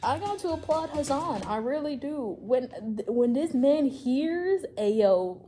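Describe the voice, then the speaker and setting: A woman's voice: high voice, animated, a little slow, dark tone, faint music behind. A woman co-hosting a casual chat, rambling through a story and often breaking into laughter. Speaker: co-host. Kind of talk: casual chat, recapping a game.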